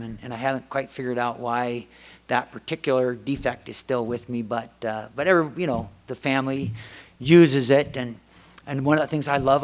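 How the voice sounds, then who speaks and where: A middle-aged American man gives his testimony at a recovery meeting, restarting sentences often as his stories wander. His voice sits in an ordinary middle pitch, and he slips into the voices of his family members when he tells anecdotes. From United States. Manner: rambling, self-interrupting storyteller who acts out family dialogue. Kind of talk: personal testimony talk. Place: meeting hall before an audience.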